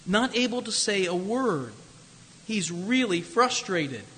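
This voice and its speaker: Brief: chatty male preacher, high bright voice, long reverb from a large hall. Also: big pitch swings, slow, a little hiss or hum. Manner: conversational, jokey, many asides. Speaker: pastor. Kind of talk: sermon.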